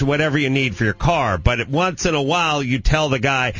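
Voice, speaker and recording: A man's voice: brisk, hardly any pauses, loud music behind the voice. A man in his thirties from the San Fernando Valley, telling a comedic story in casual chat and jumping into incredulous shrieks. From the San Fernando Valley, California. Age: 30s. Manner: animated, jumps to shrill incredulous shrieks when acting out his disbelief.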